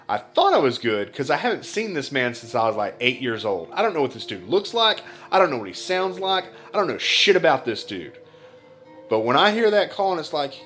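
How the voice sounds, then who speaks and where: Young guy ranting about his life in a vlog, lots of cussing, faint music behind. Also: medium pitch. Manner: blunt, heavy swearing, emotional retelling. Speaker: vlogger. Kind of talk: casual storytelling vlog.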